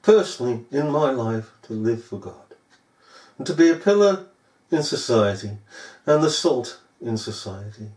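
A man's voice: medium pitch, expressive, unhurried, darkish tone. A man preaching a sermon in a scornful, sarcastic manner. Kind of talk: recorded sermon. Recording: echoey room.

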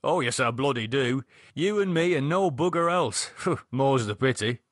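A man voicing a calm, sardonic man who talks in a wry, teasing, level-headed way, with a husky voice. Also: medium pitch, moderate pace, dry recording, clean studio sound, voice pushed up, lightly acted.

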